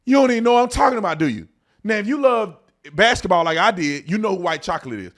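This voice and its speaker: A man hosts an online commentary video, ranting heatedly and lurching between shouts and low mutters. He talks fast and expressively.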